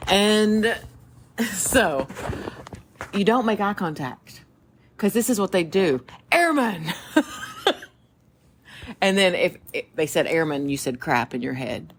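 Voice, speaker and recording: A woman with a Southern US drawl and a low voice co-hosts a casual podcast. She tells stories with animated energy, laughing easily and acting out the voices of people she quotes. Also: a little slow, long pauses, a little hiss or hum. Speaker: podcast co-host. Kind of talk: casual storytelling chat.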